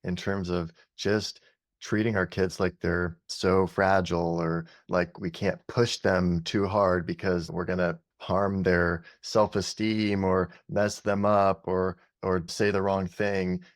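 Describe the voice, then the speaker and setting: A man hosting a podcast interview, measured and reflective as he asks questions and sums up the talk. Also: sits low, little pitch movement, dry recording, clean studio sound. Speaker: podcast host.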